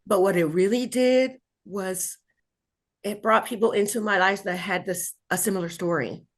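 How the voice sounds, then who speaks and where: A woman, a cancer survivor, telling her own story in an interview with emphatic, expressive delivery and frequent laughs. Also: mid-range voice, normal speed. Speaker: colorectal cancer survivor and patient advocate.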